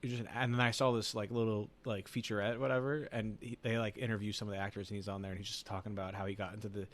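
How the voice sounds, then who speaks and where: A man's voice: fairly low pitch, level tone, rapid-fire, fairly bright tone. A young man co-hosting a podcast, talking loosely about a movie in a rambling, slangy way, with lots of "like" and "dude". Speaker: podcast co-host. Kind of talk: casual chat about a movie.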